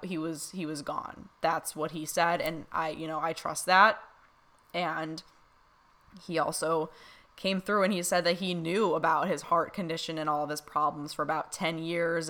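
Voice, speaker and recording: A woman's voice: deep voice, a bit bright. A young woman chatting casually to camera, filling her talk with "you know" and "like" and laughing often. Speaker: vlogger recounting a reading. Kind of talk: casual chat.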